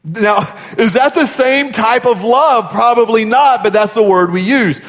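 A man's voice: very high-pitched, measured pace, fairly bright tone. A man in his forties, a pastor giving a sermon in an earnest, conversational storytelling way. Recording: long hall reverb.

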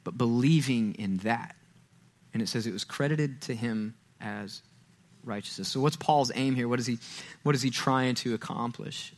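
A male pastor delivers a sermon in a church, casual and conversational in tone. He slips into playful quoted voices and pushes his voice up and louder on key points. His voice sits at an ordinary middle pitch. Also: moderate pace. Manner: conversational, acts out quoted voices, rises loud and high when stressing. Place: church sanctuary.

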